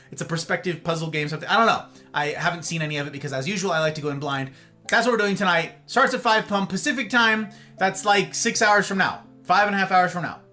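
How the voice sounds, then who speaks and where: A man streaming live, chatting casually and rambling straight to his viewers. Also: high-pitched. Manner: animated, rambling, talks straight to chat.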